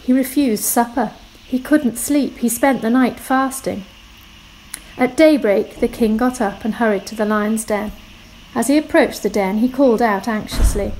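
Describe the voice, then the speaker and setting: A woman reading a Bible passage aloud in church, clear and expressive. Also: a little high, moderate pace, a little hiss or hum, low-quality recording. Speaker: scripture reader.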